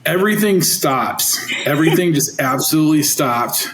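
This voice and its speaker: Chatty forties teacher guest, slightly high voice, echoey room with a faint hum. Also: male voice, moderate pace. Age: 40s. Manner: animated, chatty, many fillers. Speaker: teacher and football coach, guest. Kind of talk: casual storytelling interview. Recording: roomy echo, faint noise.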